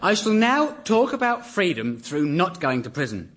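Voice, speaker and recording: A comedian delivers a mock-formal lecture in a dry, ironic manner. His fairly high voice swoops widely from line to line. A faint hiss runs under the recording. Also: big pitch swings, normal speed. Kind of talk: satirical stand-up lecture before a live audience.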